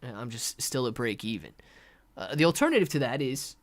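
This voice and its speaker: A man's voice: medium pitch, normal speed. A young man hosting a live stock and crypto stream, talking casually, reading chat questions and slipping into sarcastic rants. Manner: animated, sarcastic rants, reads chat aloud. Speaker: livestream host. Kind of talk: casual live market commentary.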